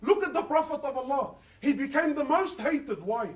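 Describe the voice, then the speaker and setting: Man preaching, high-pitched, impassioned, heard from a distance. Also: lively intonation, normal speed, echoey room. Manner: impassioned, quotes others in dialogue, asks rhetorical questions. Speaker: Islamic preacher. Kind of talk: emotional sermon.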